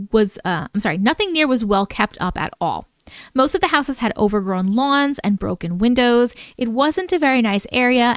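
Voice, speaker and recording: A woman chats and reads viewers' stories aloud on a livestream, playful and quick to joke. Her voice is high and smooth and swings around a lot in pitch. The sound is dry and close. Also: no echo. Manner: playful, chatty, breaks off to joke and laugh. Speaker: host reading viewer stories. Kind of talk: casual livestream chat and story reading.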